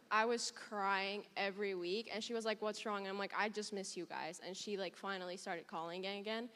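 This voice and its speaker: A woman's voice: mid-range voice, fairly bright tone. A young woman student from abroad, sharing a candid, emotional personal story on a panel. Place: performing arts hall. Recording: long reverb in a large hall.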